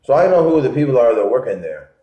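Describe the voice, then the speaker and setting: A man from Connecticut telling a rambling, repetitive story in a low-key monologue. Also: big pitch swings, quick pace. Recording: echoey, muffled lo-fi room sound.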